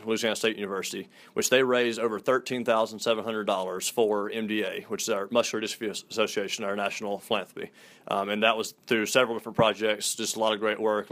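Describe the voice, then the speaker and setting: A man's voice: fairly low pitch, a bit bright. A young man from Mississippi with a Southern accent, a fraternity staffer answering interview questions in a friendly, matter-of-fact way.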